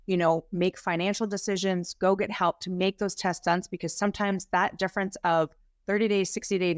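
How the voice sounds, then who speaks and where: A woman practitioner speaking as an interview guest, excited and fired up, with frequent "like" fillers. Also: medium pitch, no room sound, studio quality. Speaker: guest health practitioner and educator. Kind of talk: casual interview talk.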